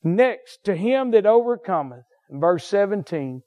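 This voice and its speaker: Male pastor, high-pitched, fervent sermon delivery, muffled recording. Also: big pitch swings, measured pace, hardly any pauses. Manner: fervent preaching with sudden high shouts and soft drops.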